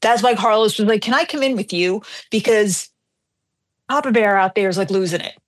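A middle-aged woman hosts a radio show and tells her story in a chatty, animated voice. Her pitch sits in an ordinary middle range. She jumps into the quoted lines and pokes fun at herself. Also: brisk. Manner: animated, self-deprecating, acts out dialogue. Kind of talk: casual on-air storytelling.

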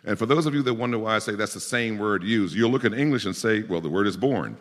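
A man's voice: on the low side, fast talker, long reverb tail. A man preaching a sermon, explaining scripture verse by verse and pressing his points with emphatic exhortation. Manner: emphatic, rising to forceful exhortation.

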